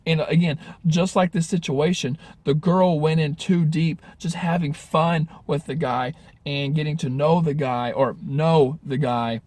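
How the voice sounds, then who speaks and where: A man's voice: a little high, fairly even intonation, a little slow, hardly any pauses, darkish tone, dry recording. A man giving dating advice in a casual vlog, talking earnestly with frequent restarts and self-corrections. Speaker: dating coach.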